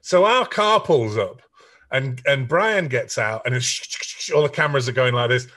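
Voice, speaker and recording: A middle-aged man with a Sheffield accent, a songwriter telling animated anecdotes in an interview and acting out the people he quotes. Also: medium pitch, a little slow. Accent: Sheffield English. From England. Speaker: songwriter guest. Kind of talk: storytelling interview.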